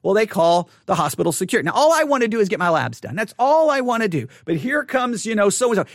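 A middle-aged man telling a story in a casual monologue, animated and acting out what people said, rising toward a shout when exasperated. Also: high-pitched, fairly quick, dry recording, studio quality. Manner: animated, acts out quotes, rises to near shouting when exasperated.

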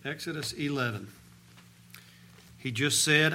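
A man preaching a sermon, telling a story and reading scripture, swinging between loud proclamation and quiet, hushed lines. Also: mid-range voice, a little slow, long pauses, slight background noise.

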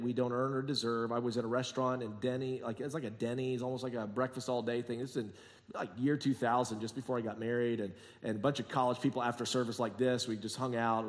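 A man preaching a sermon as pastor, telling jokey stories and acting out quotes, moving between quiet asides and emphatic points. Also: mid-range voice. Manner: jokey, sarcastic storytelling with acted-out quotes. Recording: long hall reverb.

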